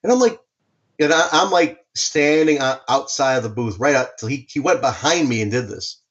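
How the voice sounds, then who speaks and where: A man co-hosting a podcast, telling a story casually, animated and swearing, with lots of restarts. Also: mid-range voice, moderate pace, dull audio. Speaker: podcast co-host.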